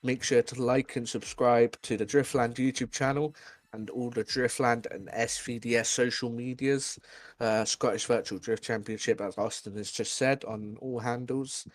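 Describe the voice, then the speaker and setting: A young man co-commentating a virtual drift event, teasing his partner and laughing often. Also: medium pitch. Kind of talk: live sim-racing commentary.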